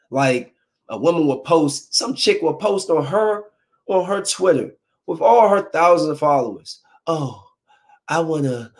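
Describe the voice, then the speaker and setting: Slangy, animated man ranting. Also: on the high side. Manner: animated, preachy, slangy, acts out quick voices. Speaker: vlogger giving dating advice. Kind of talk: casual rant to camera.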